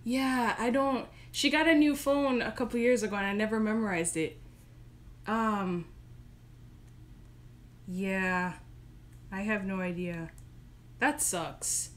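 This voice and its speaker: A woman's voice: medium pitch, slow, pauses often. A young woman hosting a casual live stream from her bedroom, chatty, giggly and self-deprecating. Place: home bedroom.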